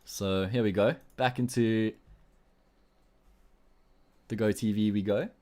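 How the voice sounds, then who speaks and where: On his own livestream, a South African esports caster jokes and rambles with viewers between matches, restarting his thoughts often. He speaks slowly in a lowish, steady voice with a slightly mellow quality.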